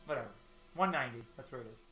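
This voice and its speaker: A man's voice: medium pitch, very fast, pushed and bright. Chatty man in an echoey room. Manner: rambling, chatty, laughs often. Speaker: artist hosting a storyboarding stream. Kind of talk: casual live-stream chat while working. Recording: echoey room with faint music.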